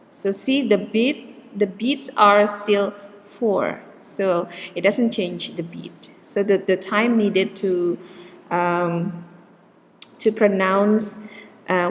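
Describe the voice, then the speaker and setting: A woman's voice: mid-range voice, in a large hall. A woman with an Indonesian accent giving a recorded linguistics lecture, explaining step by step with frequent fillers and self-corrections.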